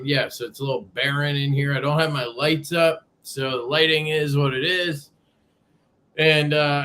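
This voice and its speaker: A man's voice: medium pitch, a bit bright. Casual, profane man hosting a live stream. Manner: loose and profane, greets viewers by name. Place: home room being moved into.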